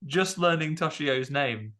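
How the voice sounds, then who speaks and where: Bright-voiced jokey man. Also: fairly high pitch, lively intonation, unhurried. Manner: jokey, riffs with comic asides. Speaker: podcast co-host. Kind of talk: casual film discussion.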